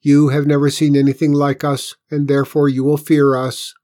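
Cold, superior alien scouts, as a man reading a storybook puts them on, speaking higher and louder than the narrator. Every sentence comes out stiff and formal. The tone is condescending throughout. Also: completely flat delivery, moderate pace, natural voice. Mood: haughty.

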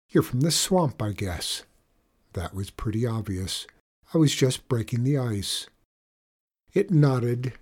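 A man narrating a first-person story aloud in a measured, unhurried storytelling manner. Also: mid-range voice, mellow. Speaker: audiobook reader.

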